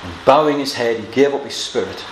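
A man preaching an expository Bible sermon, earnest, moving between quiet reading of scripture and emphatic exclamations. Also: mid-range voice, animated, a little fast. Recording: echoey room with faint ambient noise.

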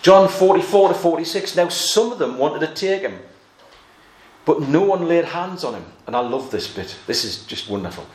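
A man's voice: fairly high pitch, expressive, moderate pace, a little mellow. A man preaching a sermon, explaining Bible passages verse by verse with a touch of humor. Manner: expository Bible teaching with light humor. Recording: echoey room, faint background noise.

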